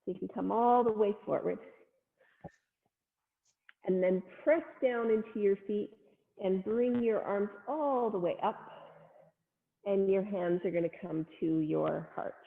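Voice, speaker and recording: A woman leading a family yoga class, cueing poses gently and playfully with little animal sounds. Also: mid-range voice, a little slow, vocal fry, long pauses. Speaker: yoga instructor. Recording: phone-like sound in a long-echo room.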